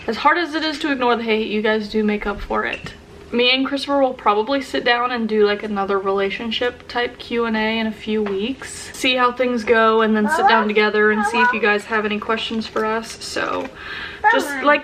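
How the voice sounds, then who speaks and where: A young woman vlogger speaks to camera in a casual sit-down talk, earnest and emotional, frequently restarting her sentences. Her voice is fairly high-pitched, and the recording is very noisy.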